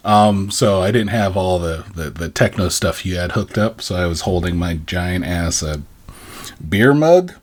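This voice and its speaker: A man's voice: sits low, expressive, a little slow. A man co-hosting a podcast, joking and laughing often in casual banter. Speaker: podcast co-host.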